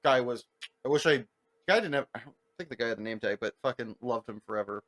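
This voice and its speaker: A young man telling stories on a podcast in a casual, animated way, with heavy swearing, lots of filler words and acted-out voices of the people in his stories. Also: medium pitch, quick pace. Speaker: podcast co-host. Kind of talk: casual storytelling chat.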